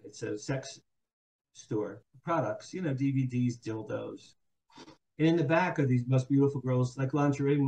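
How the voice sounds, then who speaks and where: Candid older man with a mellow voice. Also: medium pitch, poor audio. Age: 60s. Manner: frank, halting, many fillers and repeats. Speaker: guest, publicist and author. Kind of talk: candid personal storytelling. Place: Hollywood.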